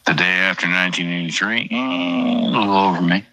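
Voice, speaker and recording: A man's voice: deep voice, little pitch movement, quick pace, pushed and bright, dry recording. A middle-aged man hosting a livestream, rambling and swearing casually while reading out chat names. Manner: profane, rambling, reads chat aloud. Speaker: livestream host.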